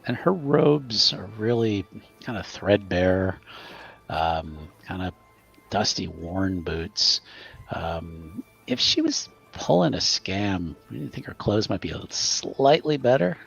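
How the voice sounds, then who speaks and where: A man narrating as game master of a tabletop game, in a relaxed, halting way. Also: low-pitched, creaky, husky, highs cut off, soft background music.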